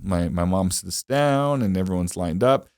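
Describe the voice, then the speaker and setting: A podcast co-host recounts his wedding day in casual, emotional storytelling packed with fillers. His low voice is expressive and a little mellow at a moderate pace, captured in clean studio sound with no echo.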